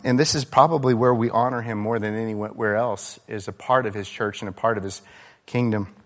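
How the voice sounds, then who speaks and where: A man preaching a relaxed, conversational sermon as a pastor, often saying "man" and getting animated. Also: mid-range voice. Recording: reverberant hall.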